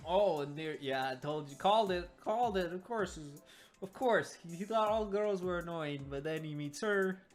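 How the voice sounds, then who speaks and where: Woman comic reviewer, low voice, excitable and rambling, with faint music behind her. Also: normal speed. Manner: excitable, rambling, many restarts. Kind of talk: casual reaction commentary.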